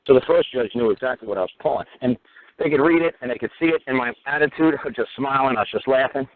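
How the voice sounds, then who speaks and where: A man's voice: mid-range voice, fast talker, a little hiss or hum. A man telling a story in casual talk, blunt and emphatic, swearing freely and stacking asides. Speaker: common-law teacher. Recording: phone-like narrow sound.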